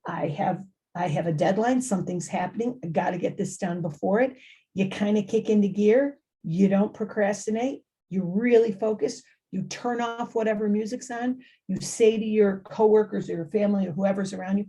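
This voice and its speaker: A middle-aged woman giving an informal talk to parents, lively and conversational, often acting out quoted lines and repeating phrases for emphasis. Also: mid-range voice, a little fast. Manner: animated, acts out quoted voices, repeats phrases. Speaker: family engagement speaker.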